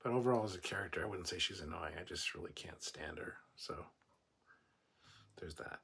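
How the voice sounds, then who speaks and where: A man's voice: sits low, fairly quick, fairly bright tone, slight background noise. A man hosting a casual livestream, reading chat comments aloud and giving blunt, opinionated replies with plenty of swearing.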